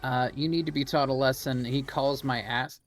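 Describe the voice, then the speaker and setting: A man's voice: medium pitch, fairly even intonation, moderate pace, soft background music. A man streaming a video game, chatting casually as he plays, laughing often and swearing now and then. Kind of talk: casual gameplay commentary.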